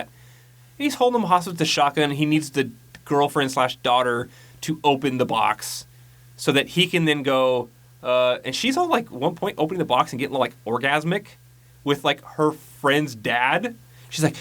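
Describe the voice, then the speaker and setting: A man's voice: a little high, a bit bright. Rambling, profane man recapping a movie. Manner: rambling, profane, mocking retelling with mimicked quotes. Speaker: podcast co-host. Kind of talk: casual movie recap chat.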